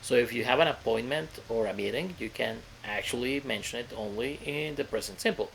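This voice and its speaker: A man's voice: medium pitch, a little fast, vocal fry, fairly bright tone, a little hiss or hum. A man teaching an English grammar lesson, explaining step by step and often checking in with the viewer.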